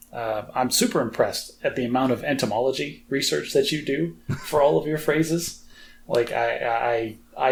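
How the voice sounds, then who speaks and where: A man's voice: medium pitch, a little mellow, slight background noise. A man co-hosting a podcast in casual chat, wry and teasing. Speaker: podcast co-host.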